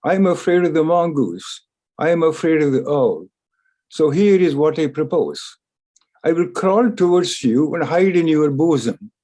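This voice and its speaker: A man voicing a cautious, clever male mouse who answers calmly and deliberately in a spoken story. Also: a little high, close to an everyday voice. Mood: wary. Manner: calm, measured, reasoning.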